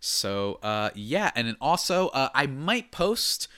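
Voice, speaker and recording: Bright, crisp young man hosting a podcast. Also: medium pitch, takes it slowly, no echo, studio quality. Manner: energetic, rambling, with many fillers. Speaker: podcast host. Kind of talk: casual podcast chat.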